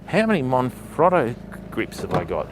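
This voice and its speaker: A man's voice: mid-range voice, huge pitch swings, normal speed, background noise. An Australian man hosting a live fishing stream outdoors, chatting casually and matey with viewers. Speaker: fishing livestream host. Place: outdoors on a beach.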